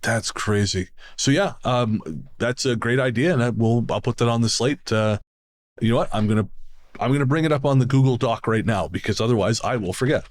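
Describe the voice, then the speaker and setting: Relaxed, jokey male co-host in casual podcast banter. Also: medium pitch. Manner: easygoing, jokey, quick to laugh. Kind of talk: casual chat.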